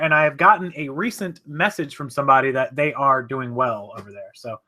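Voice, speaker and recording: A man's voice: on the high side, pushed and bright. A man hosting a casual live stream from his home office, chatting loosely, correcting himself and answering viewers' comments. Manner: rambling, chatty, self-correcting.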